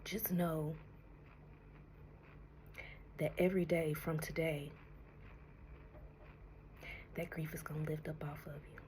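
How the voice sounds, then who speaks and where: A woman giving a spiritual tarot message, speaking slowly and soothingly, often dropping to a breathy whisper and calling the listener honey, sounding emotional and close to tears. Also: low voice, little pitch movement, a little mellow, a little hiss or hum. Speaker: tarot reader.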